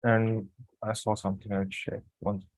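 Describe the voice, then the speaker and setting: Drowsy low-voiced man doing market commentary. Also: level tone, no echo, poor audio. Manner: halting, apologetic, thinking aloud. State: just woke from a nap, morning voice. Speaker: trading streamer.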